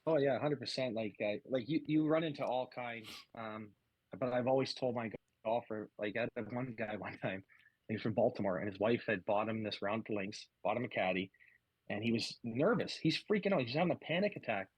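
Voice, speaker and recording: This is a man with a husky, slightly rough voice, recorded dry and close. He tells stories in a relaxed, casual way and acts out the lines of the people in them. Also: mid-range voice, fairly quick, no room sound, muffled recording. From Canada. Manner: animated, acts out quoted dialogue. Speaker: podcast guest. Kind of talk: casual storytelling.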